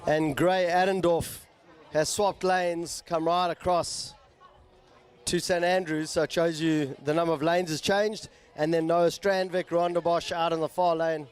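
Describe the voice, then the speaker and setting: A man calls a rowing regatta live, his voice sitting notably high. He works through the lanes steadily, naming each sculler and school as they pass. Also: a little slow, clean tone. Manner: steady play-by-play calling out names and schools. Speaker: regatta commentator. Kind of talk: live sport commentary.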